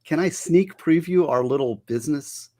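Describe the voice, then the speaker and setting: A man's voice: on the high side, moderate pace, mellow. A man who works as a public defender, talking in a chatty, opinionated and joking way as a livestream guest. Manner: talkative, opinionated, jokey. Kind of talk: casual livestream chat.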